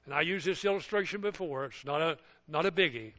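A man preaching a sermon, lively, often acting out small scenes in other voices. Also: on the high side, a little fast, dull audio. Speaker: pastor.

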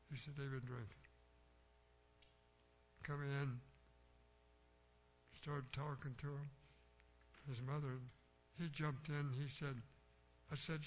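Older man, plainspoken preacher telling homespun anecdotes; muffled lo-fi sound. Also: medium pitch. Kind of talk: folksy storytelling sermon. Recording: dull lo-fi recording with faint hum.

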